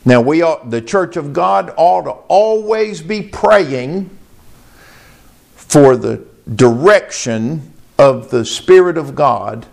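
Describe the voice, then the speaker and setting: A man serving as pastor preaches slowly and emphatically, putting questions to the congregation. His pitch is fairly high, his delivery animated, and his tone creaky and darkish.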